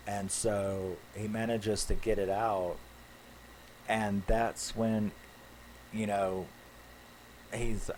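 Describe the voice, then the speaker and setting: A man's voice: on the low side, darkish tone, slight background noise, poor audio. A man retelling a film plot in a loose, rambling way, full of fillers and swearing. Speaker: movie reviewer. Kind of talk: casual spoken film recap.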